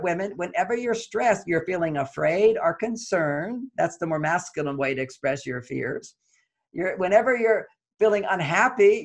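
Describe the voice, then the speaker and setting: Man, high voice, relationship therapist, earnest advice talk, repetitive explanations. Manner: earnest, explanatory, repeats key phrases.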